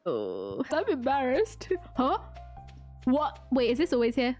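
A woman's voice: high voice, wildly swooping pitch, a little slow, darkish tone, faint music behind. A young woman streaming a farming game, gushing and self-mocking as she chats to her viewers. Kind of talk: excitable live-stream commentary.

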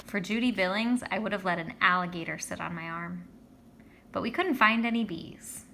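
A woman narrating a children's story in the first person with a lively, expressive reading. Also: medium pitch, moderate pace, vocal fry, a little hiss or hum. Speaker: audiobook reader.

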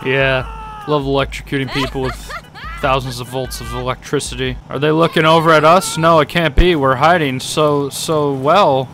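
Sarcastic, bright-voiced young man gaming. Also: medium pitch, steady tone, moderate pace, soft background music. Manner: sarcastic, joking, swears freely. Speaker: gaming YouTuber. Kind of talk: casual let's-play commentary.

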